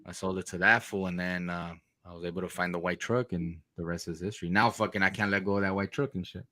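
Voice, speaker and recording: Lowish bright-voiced podcast host, swears a lot, dry close mic. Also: male voice, steady tone, quick pace, no room sound. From Los Angeles area. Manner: profane, laid-back slang. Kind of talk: casual storytelling.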